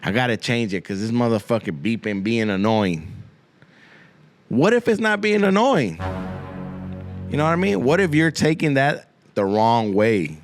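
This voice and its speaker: Faint music plays behind a man hosting a podcast as he runs through a rambling, profane comedic monologue with Spanish slang dropped into English. His mid-range voice swings widely in pitch at a moderate pace.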